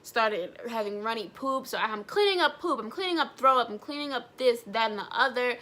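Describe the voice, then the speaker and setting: Bright-voiced young woman telling a story. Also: on the high side, fairly quick. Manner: blunt, animated, swears freely. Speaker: vlogger. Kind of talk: storytime vlog.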